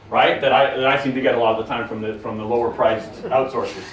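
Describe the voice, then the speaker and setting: A man's voice: mid-range voice, fast. A man speaking casually to a live audience and taking their questions, blunt and profane with a joking tone. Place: conference room with an audience. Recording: roomy, from a distance, faint noise.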